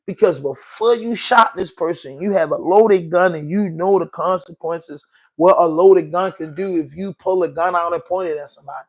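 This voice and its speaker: A man's voice: high-pitched, moderate pace. A man hosting a podcast, talking in an emotional, slangy way, repeating himself and saying bro a lot. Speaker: podcast host. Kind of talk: casual commentary monologue.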